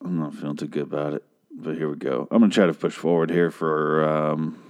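A man's voice: a bass voice, steady tone, a little fast, a little mellow, smooth. Profane, rambling male podcast host. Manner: profane, rambling, with frequent fillers. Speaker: podcast host reviewing a TV series. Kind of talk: casual rambling review.

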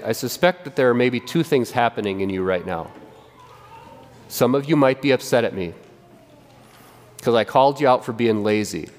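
A man preaching a sermon as pastor, animated and conversational, often repeating and restarting his words. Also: mid-range voice, in a large hall. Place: church sanctuary.

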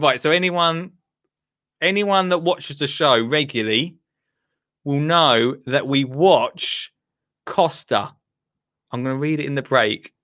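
A man hosting a podcast, chatting excitedly and gushing with exclamations. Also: a little high, slow pace, pauses often, no room sound, clean studio sound. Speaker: podcast host. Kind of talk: excited casual chat.

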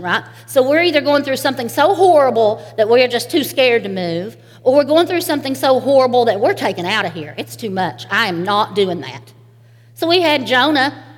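A woman's voice: a little high, big-room sound. A woman from Eastern Kentucky with a local accent, giving a sermon in a folksy storytelling way and laughing often. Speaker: speaker.

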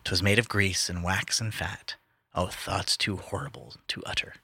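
A man's voice: sits low, fairly even intonation, normal speed, gravelly, sharp tone, slightly rough, dry recording. A man casually reading poetry aloud to friends, stumbling and restarting over words now and then. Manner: reads verse with stumbles, restarts and laughs.

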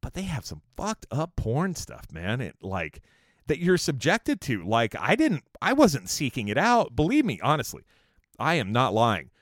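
A man's voice: mid-range voice, wildly swooping pitch, a little slow, dry recording, clean studio sound. A young man from California telling rambling, profane stories about a band tour, full of fillers. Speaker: musician recounting a tour. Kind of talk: casual storytelling monologue.

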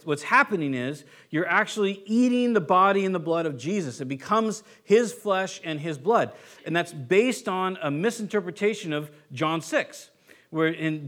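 A man's voice: sits high, fairly bright tone. A man preaching a sermon in an informal, explanatory way, like a pastor teaching his congregation. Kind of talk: conversational sermon.

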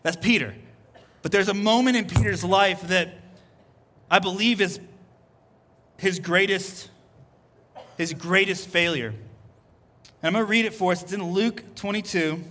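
A man's voice: high voice, unhurried, long pauses, pushed and bright. A male pastor preaching a sermon in a loose, chatty storytelling way. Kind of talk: casual conversational sermon.

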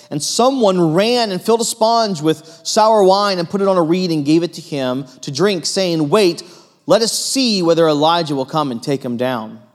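A male pastor delivers a sermon in a voice pitched a little above most men's. He is earnest, pressing hard on key points and then sinking to near-hushed tones, and he stumbles over fillers as he explains.

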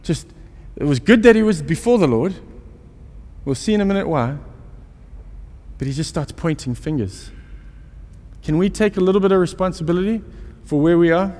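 Pastor guy preaching, kinda high voice, jokey storytelling, long echo from the hall. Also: lively intonation, moderate pace, pauses often, darkish tone. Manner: storytelling, self-mocking, rhetorical questions. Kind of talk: sermon.

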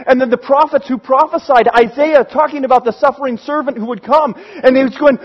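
A man's voice: very high voice, fairly even intonation, fairly quick, few pauses. A man preaching a sermon in an earnest way that builds to emphatic peaks. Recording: dull lo-fi recording.

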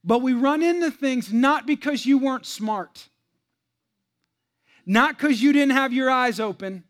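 A man in his thirties delivers a sermon in a high voice. He swings from loud shouting down to a near hush and keeps putting questions to the crowd. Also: measured pace. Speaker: pastor.

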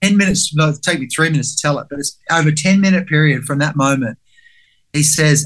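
Speaking quickly at a fairly high pitch with a fairly bright tone, this guest recounts a story in conversational fashion. He's candid, curses a little and voices his own thoughts aloud.

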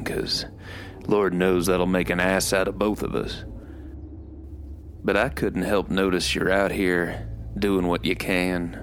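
A man with a slow, folksy drawl, reading a scripted radio-style ad. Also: sits low, slight background noise. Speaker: ad announcer. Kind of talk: gravelly western-style ad read. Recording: music bed behind voice.

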